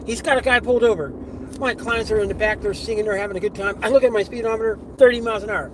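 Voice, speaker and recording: A middle-aged man tells a casual story while driving, acting out the voices he quotes with lively energy. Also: high voice, racing. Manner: animated, acts out quoted voices. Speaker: live streamer. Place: inside a car on the road. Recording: car and road noise behind.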